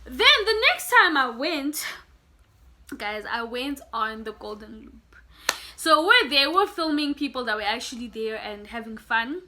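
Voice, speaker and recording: Bright-voiced young woman telling a story. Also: on the high side, a little slow. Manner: animated, addresses viewers as guys. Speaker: vlogger. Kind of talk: casual storytelling to camera.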